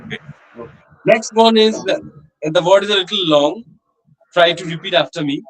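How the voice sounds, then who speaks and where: A man's voice: sits high, low-quality recording. A man teaching a French class, explaining grammar and patiently repeating words for students to copy. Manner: slow, patient pronunciation drills with repetition. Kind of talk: language class instruction.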